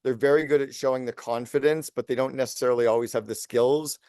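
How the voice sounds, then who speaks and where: A man in his late fifties, a business coach speaking as a podcast guest, talking fast and energetically in long lists. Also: mid-range voice, steady tone, a little mellow, dry recording, studio quality. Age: 50s. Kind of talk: podcast interview.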